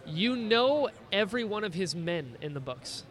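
A man in casual conversation, telling stories excitedly and acting out quotes as he goes. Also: high voice, moderate pace. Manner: excited, animated storytelling with acted-out quotes. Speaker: podcast conversation partner. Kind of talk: casual chat.

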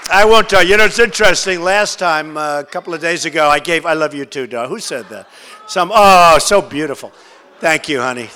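A man's voice: fairly high pitch, brisk, bright, forceful tone, a faint crowd, a little hiss or hum. An older man giving a campaign rally speech in a large school hall, talking in an emphatic, repetitive and rambling way. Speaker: political candidate.

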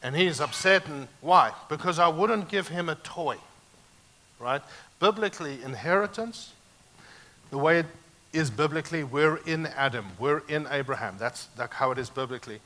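A male pastor delivers a sermon with a bright, forceful tone in a slightly raised register. His delivery is animated, swinging between loud emphatic points and quiet, hushed asides. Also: on the high side, normal speed.

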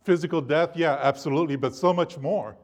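A man preaching a sermon to a congregation, animated and emphatic, his loudness rising and falling. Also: on the high side, a little fast. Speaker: pastor.

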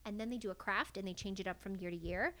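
A woman co-hosting a casual library podcast, talking about storytime and reacting with soft coos and laughs. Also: medium pitch, quick pace. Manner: warm, cooing, often laughs. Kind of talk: casual chat.

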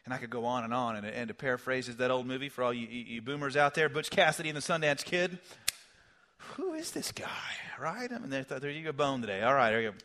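A middle-aged man preaching a sermon, swinging from loud emphasis down to hushed, near-whispered lines. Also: mid-range voice, fast talker, few pauses. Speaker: pastor.

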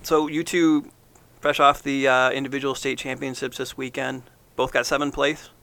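A man's voice: medium pitch, little pitch movement, moderate pace, gravelly, pushed and bright. An easygoing man with a mid-range voice interviews two young athletes on a podcast. He keeps it casual and chatty, tossing out questions and agreeing readily.

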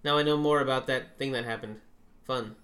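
A man's voice: mid-range voice, fairly even intonation, a little fast, fairly bright tone. A man co-hosting a casual podcast, joking around, laughing often and rambling loosely. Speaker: podcast co-host. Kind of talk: casual chat.

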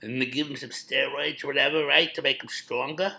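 A man riffing loosely on a podcast, rambling and joking and swearing freely. His voice is bright and edgy, with a gravelly grain running through it. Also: medium pitch, steady tone, brisk. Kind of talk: casual podcast chat.

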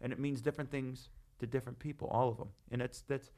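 Comedian-host, male, 30s, casual banter, animated delivery. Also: mid-range voice, quick pace. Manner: animated, swings loud and soft, swears freely. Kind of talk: casual chat.

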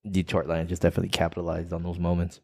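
A man's voice: low voice, completely flat delivery, very fast, gravelly, darkish tone, husky. A man co-hosting a podcast in casual chat, laid-back, trailing off and swearing casually. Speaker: podcast co-host.

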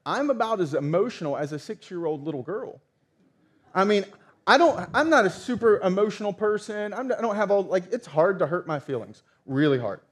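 A man in his thirties preaching a sermon, telling stories with lively acted-out dialogue. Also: sits high. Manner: animated storytelling, acts out quoted dialogue. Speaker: pastor.

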